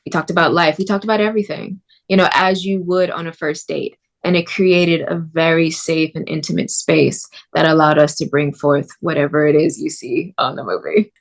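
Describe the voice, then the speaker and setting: Actress, woman, low-ish voice, animated conversational interview guest. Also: moderate pace, vocal fry, few pauses. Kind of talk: casual interview.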